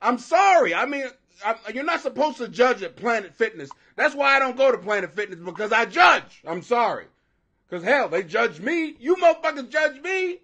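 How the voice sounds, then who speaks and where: Loud, high-voiced, profane man in his forties. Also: moderate pace. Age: 40s. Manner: profane, loud, laughing, animated. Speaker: livestream host. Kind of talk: casual ranting commentary.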